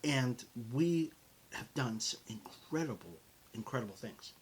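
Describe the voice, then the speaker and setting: A middle-aged American man hosting a motivational podcast, talking in an animated, conversational way and calling his listeners folks. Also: medium pitch, measured pace, a little hiss or hum. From United States. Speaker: podcast host.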